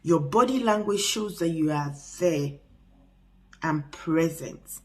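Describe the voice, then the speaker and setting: A middle-aged woman hosting a parenting channel, talking earnestly to camera with frequent restarts and pauses. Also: sits low, lively intonation. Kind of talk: casual advice talk to camera.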